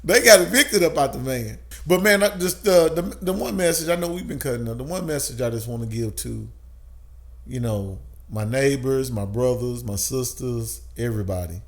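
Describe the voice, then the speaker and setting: A man, a guest telling an animated story with frequent laughs. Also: mid-range voice, normal speed. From Tennessee, USA. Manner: animated, laughs often, swears. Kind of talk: casual storytelling.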